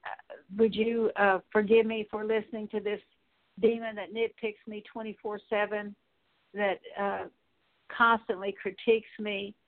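A woman Bible teacher leading a slow, halting spoken prayer with many pauses and fillers. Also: medium pitch, little pitch movement. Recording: tinny phone-like audio.

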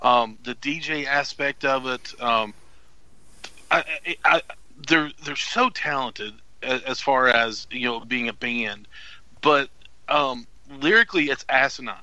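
A man's voice: medium pitch, a little slow, sharp tone, dry recording, rough recording. A man co-hosting a casual podcast, laughing often and restarting his thoughts. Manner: laughs a lot, hesitant restarts. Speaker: podcast co-host.

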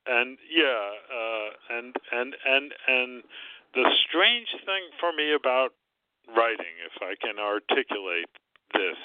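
A man's voice: mid-range voice, expressive, clean tone, no room sound. Guy on a phone line talking about his work, stops and restarts a lot, dry thin sound. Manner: halting, many restarts and repeated words. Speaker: guest novelist and screenwriter. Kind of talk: interview conversation.

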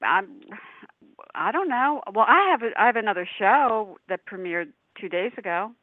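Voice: mid-range voice, animated, normal speed. A co-host in casual chat, teasing and repeating phrases for fun. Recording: phone-like audio.

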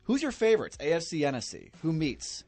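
Upbeat male host, lively pitch. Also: soft background music. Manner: upbeat, quick with wisecracks. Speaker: show host playing clips. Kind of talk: casual talk-show chat.

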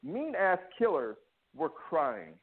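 A man speaks over a tinny, phone-like line, his voice sitting a little high for a man. His pitch swings widely as he tells a candid personal story. He stops and restarts often, and he acts out the lines of the people in it. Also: wildly swooping pitch, slow. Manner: emotional, restless, many restarts and acted-out quotes. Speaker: interview guest.

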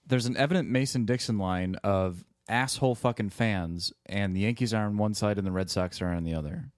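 A man's voice: on the low side, brisk, dry recording, clean studio sound. A man co-hosting a podcast, talking in a rambling, jokey way with some swearing. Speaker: podcast co-host. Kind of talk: casual chat.

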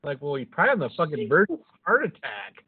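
A man's voice: fairly high pitch, huge pitch swings, fast talker, slightly rough. A man co-hosting a podcast, telling a rambling story in a casual chat, swearing constantly and laughing at his own jokes. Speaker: podcast co-host. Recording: phone-like lo-fi audio.

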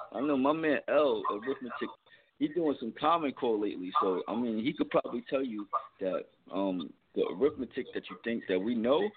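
A man calling in to a casual radio show, talking in a rambling, reflective way with hesitations. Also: medium pitch. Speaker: guest caller. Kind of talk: casual talk radio chat. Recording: tinny phone line.

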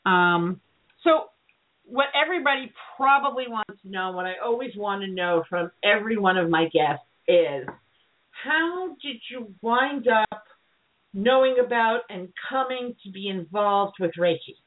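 A woman hosting a radio interview, friendly and quick to laugh. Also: medium pitch, animated. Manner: friendly, laughs often, apologetic. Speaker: radio show host. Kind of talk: casual interview. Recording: phone-line audio.

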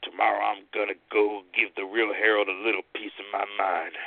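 A gruff farmer brother with a short temper, grumbling in a rough, deep voice, as a storyteller puts him on. It comes through a narrow, tinny phone-like line, fitting a spoken ghost story. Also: male voice, flat delivery, a little fast. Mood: gruff, angry.

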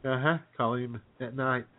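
A man co-hosting a comedy radio show, playful and teasing, laughing easily. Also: medium pitch. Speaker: co-host. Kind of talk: casual comedy radio banter. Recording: tinny phone-like sound.

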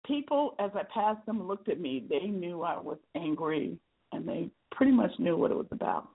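A woman author reading aloud from her own memoir in an earnest, measured storytelling manner, with a husky voice. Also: lowish voice, lively intonation. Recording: tinny phone-like sound.

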